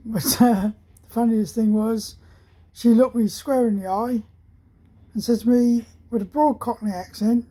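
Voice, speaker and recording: Woman, 60s, army veteran, husky mellow voice, rambling casual storyteller. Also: on the high side, steady tone, a little slow, poor audio. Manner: rambling, hesitant, with many ums and restarts. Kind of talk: casual spoken anecdote.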